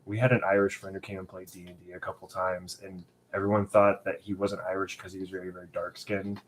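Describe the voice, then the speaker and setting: Male guest, low-pitched and relaxed, casual storyteller. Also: quick pace, slight background noise. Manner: relaxed storytelling, laughs often. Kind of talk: casual chat.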